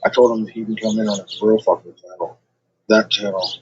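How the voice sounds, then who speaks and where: A man's voice: on the low side, fairly even intonation, brisk, highs cut off, background noise. A man ranting to his livestream chat in a rambling, combative way, swearing constantly.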